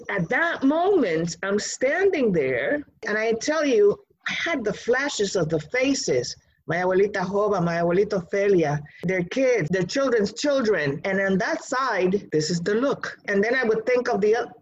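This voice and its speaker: Woman telling her life story, animated, kinda muffled audio. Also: slight background noise. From Puerto Rico. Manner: animated, emphatic, switching pitch for emphasis. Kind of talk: personal storytelling.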